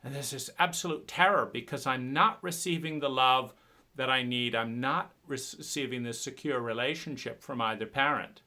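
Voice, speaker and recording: A man talking about his own painful past in an emotional, halting monologue, often repeating words and swearing when upset. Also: mid-range voice, sharp tone. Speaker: speaker sharing personal story.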